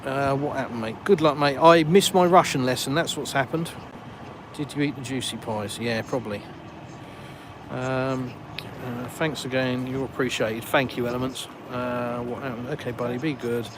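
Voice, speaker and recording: Southern english guy walking around chatting to his stream, self-mocking, loud street noise behind. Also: medium pitch, steady tone, moderate pace. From England. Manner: chatty, self-mocking, answers viewers casually. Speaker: live-stream host. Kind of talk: live stream chat, reading comments. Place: outdoors in a village, walking. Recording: noisy outdoor phone stream. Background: passing cars and street noise.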